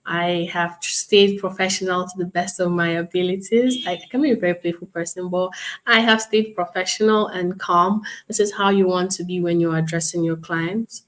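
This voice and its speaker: A woman instructor teaching an online class, speaking calmly and professionally, acting out customer calls as examples. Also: lowish voice, moderate pace. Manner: calm, explains with role-played customer examples. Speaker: bootcamp instructor.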